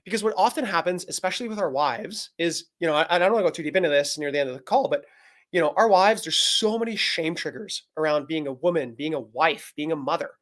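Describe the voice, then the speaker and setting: A man's voice: a little high, fast talker, fairly bright tone. A man, a men's coach and guest, explaining earnestly in a live video-call interview and acting out bits of dialogue.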